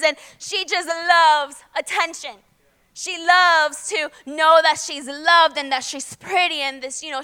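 A young adult woman pastor giving a lively sermon to her church, praying aloud and telling stories. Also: sits high. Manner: lively storytelling, prays aloud. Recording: long hall reverb, faint music.

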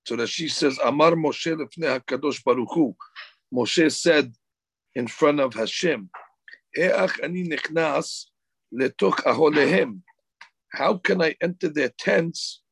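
A man's voice: a little high, a little slow, breathy edge, no room sound, rough recording. A man, a rabbi, teaching a Torah class, reading Hebrew verses and explaining them in English.

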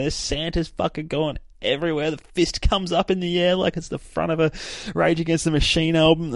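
A man hosting a podcast, chatting casually and excitably and swearing constantly. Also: mid-range voice, dry recording. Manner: excitable, heavily profane. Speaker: podcast host. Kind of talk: casual enthusiastic chat.

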